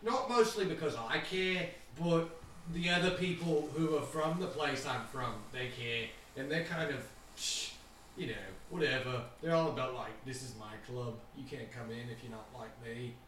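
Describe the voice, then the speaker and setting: A man's voice: medium pitch, moderate pace, a bit bright, far from the mic, a little hiss or hum, close to an everyday voice. A man voicing a chatty, offbeat alien who rambles off on jokey tangents. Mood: rambling. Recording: very echoey room, voice off-mic.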